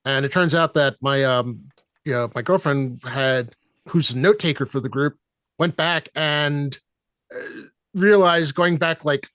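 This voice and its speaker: A man in a casual chat giving game master tips and stories, halting with many ums and you-knows. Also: fairly high pitch, a bit bright, no room sound. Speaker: dungeon master.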